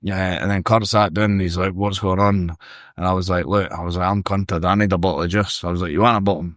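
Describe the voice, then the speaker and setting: A man's voice: low voice, steady tone, quick pace, a bit bright, dry recording, clean studio sound. Sweary Scottish man telling a story. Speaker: podcast guest. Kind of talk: casual storytelling.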